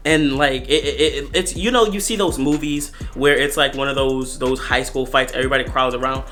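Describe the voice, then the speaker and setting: A man in his twenties telling a story to the camera in a casual, slangy, animated way, often talking straight to his viewers. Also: mid-range voice, a little fast, faint music behind. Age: 20s. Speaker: storytelling vlogger.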